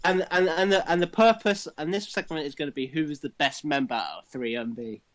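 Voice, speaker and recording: Chatty podcast co-host who swears. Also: male voice, fairly high pitch, a little fast, a bit bright, slight background noise. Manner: swears freely, upbeat plugging of the show. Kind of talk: casual chat.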